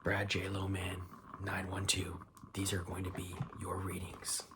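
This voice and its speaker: Low, flat whispering man with hiss. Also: unhurried. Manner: soft, hushed whisper, gently reading card texts aloud. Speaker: ASMR creator reading tarot cards. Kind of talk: whispered ASMR tarot reading. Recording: steady audible background hiss.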